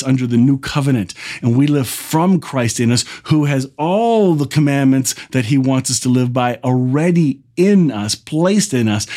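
A man preaching in an earnest tone, reading Bible verses slowly and asking his listeners pointed questions. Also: medium pitch, darkish tone. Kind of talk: sermon-style Bible teaching.

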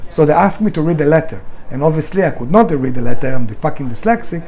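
A middle-aged restaurant founder in an interview, telling candid stories in a blunt, emotional way and swearing freely. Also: male voice, a little high, lively intonation, fast, darkish tone.

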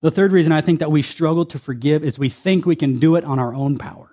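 A man preaching a sermon as a pastor, earnest and steady, reading scripture aloud and slowing down to stress key points. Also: a little high. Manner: earnest, quotes scripture, shifts pace for emphasis.

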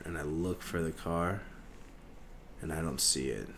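A young man hosting a podcast, telling a story in a casual, profane, animated way and acting out the scenes. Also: deep voice, moderate pace, slight background noise. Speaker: podcast host.

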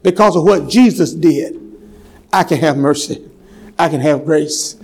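Male pastor, high voice, sermon in a church; goes from hushed stories to fervent, climbing exhortation. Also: steady tone, poor audio. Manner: swings from hushed, slow storytelling to loud, fervent preaching. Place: church sanctuary.

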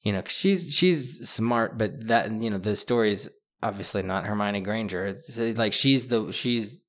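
Man, fairly low voice, casual book chat, rambling, restarts and fillers. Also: unhurried. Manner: rambling, many restarts and "like"s, animated. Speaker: podcast co-host discussing a book.

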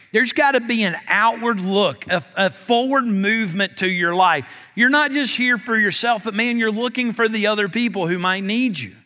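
Bright high-voiced preacher in a reverberant hall. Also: male voice, moderate pace, hardly any pauses. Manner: conversational preaching, often says "man". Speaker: pastor. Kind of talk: sermon. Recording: long reverb of a church hall.

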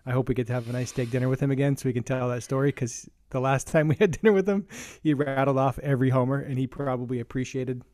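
A man hosting a sports podcast, leading the topics in a relaxed, enthusiastic way. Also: mid-range voice, fast, hardly any pauses, no room sound. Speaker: podcast host. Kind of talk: casual podcast chat.

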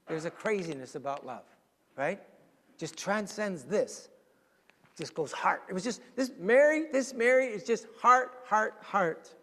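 High-voiced man preaching in a reverberant hall. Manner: storytelling, dramatic shifts to a hushed voice for emphasis. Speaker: pastor. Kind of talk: sermon. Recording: long reverb in a large hall.

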